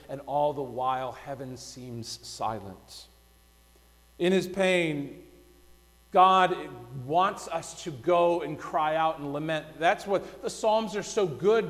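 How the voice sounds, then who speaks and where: Male pastor, sermon delivery, high voice, ringing hall, swings from loud pleas to hushed passages. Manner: swings between loud pleading cries and hushed, quiet passages. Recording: long hall reverb.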